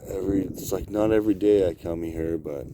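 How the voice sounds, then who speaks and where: A man's voice: low voice, fairly even intonation, fairly quick. A sleep-deprived man rambling into a handheld camera outdoors by the water, profane and laughing often. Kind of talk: rambling outdoor video diary. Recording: outdoor ambience noise.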